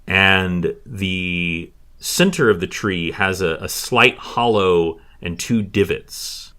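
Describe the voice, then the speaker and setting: A man narrating as game master of a tabletop game, building suspense in a hushed, storytelling manner. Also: deep voice, animated, takes it slowly, hardly any pauses.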